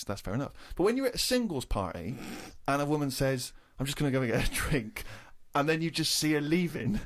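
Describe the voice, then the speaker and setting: A man telling a long anecdote in casual chat, animated and growing indignant. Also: mid-range voice, a little hiss or hum. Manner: animated storyteller, rising to exasperated indignation.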